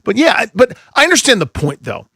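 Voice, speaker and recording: A man's voice: extremely high pitch, wildly swooping pitch, a little fast, creaky, a bit bright, dry recording, clean studio sound. A man co-hosting a sports radio show, riffing on football with exasperated asides. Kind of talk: casual sports talk.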